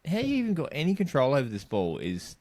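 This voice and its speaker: A man's voice: medium pitch, huge pitch swings, quick pace, a little mellow, no room sound. An Australian man co-hosting a podcast, telling sweary, laugh-filled anecdotes. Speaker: podcast co-host. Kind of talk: casual chat.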